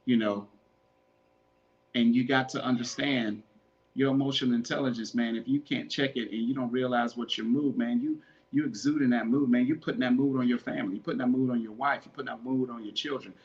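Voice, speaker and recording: A man hosting a podcast gives earnest, repetitive relationship advice in a casual but preachy way, calling listeners "man." His medium-pitched voice is brisk, fairly even and a little mellow, and the highs are cut off.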